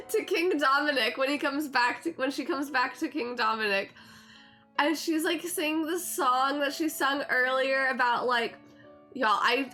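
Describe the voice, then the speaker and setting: A woman's voice: sits high, bright, forceful tone. A young woman streaming a farming game, chatting in an emotional, gushing way full of "like"s. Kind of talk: casual game-stream chat.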